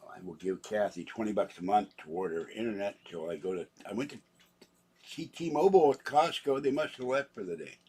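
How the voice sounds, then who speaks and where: A man's voice: fairly low pitch, expressive, a little fast, mellow, breathy edge. A man vlogging in a rambling, casual chat, grumbling and chuckling to himself.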